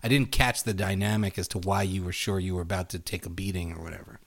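A low-pitched man from Brooklyn in easygoing podcast conversation. He tells a wry story in a relaxed, chatty way. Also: quick pace, creaky. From Brooklyn, New York. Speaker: podcast co-host. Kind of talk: casual conversation.

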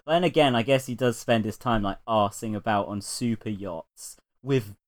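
A man's voice: mid-range voice, normal speed. A man co-hosting a podcast, chatting casually, swearing a lot and breaking into laughter as he retells stories. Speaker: podcast co-host. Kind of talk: casual chat.

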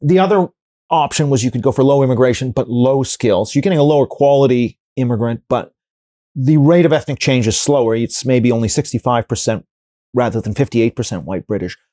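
A man speaks in a mellow, unhurried timbre, recorded dry and close with no room sound. He is a professor giving a long interview answer, reasoning aloud through examples and hypotheticals. He often stops and restarts a sentence while shaping the next point. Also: medium pitch, dry recording. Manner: explanatory, builds arguments with examples and hypotheticals; frequent restarts and fillers while thinking.

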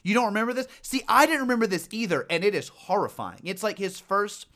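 A podcast co-host tells animated stories about scary films in a casual chat. His voice is high and he talks fast, with lots of fillers and restarts.

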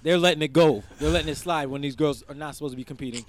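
Fast-talking high-voiced male host. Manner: quick, talkative, steers the topics. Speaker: show host. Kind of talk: casual sports talk.

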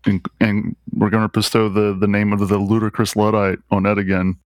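A man's voice: lowish voice, little pitch movement, a little fast, a little mellow, dry recording, studio quality. A man co-hosting a podcast, speaking in a wry, mock-ceremonious way during casual banter.

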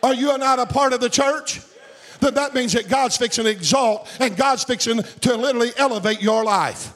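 A man preaching a fervent sermon as pastor, breaking into shouts and a sing-song cadence. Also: extremely high pitch, moderate pace.

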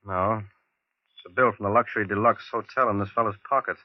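A man's voice: on the low side, steady tone, dry recording, close to an everyday voice. An actor playing a suave, wry male detective in 1940s radio acting, on a dry lo-fi old broadcast. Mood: brisk. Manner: brisk, wry, assured.

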